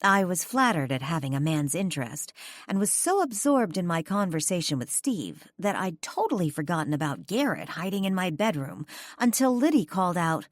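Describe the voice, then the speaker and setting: Expressive woman narrating a romance audiobook. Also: normal speed, dry recording, clean studio sound. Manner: expressive, dramatic, sweeps high for dialogue.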